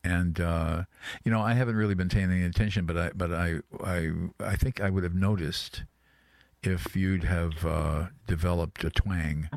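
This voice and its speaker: A low-pitched man hosts a relaxed radio talk and wanders through his thoughts, often stopping and restarting. His voice is close and dry, with no room sound around it. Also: gravelly, no echo. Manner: rambling, halting, many restarts. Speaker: radio host. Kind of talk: casual radio chat.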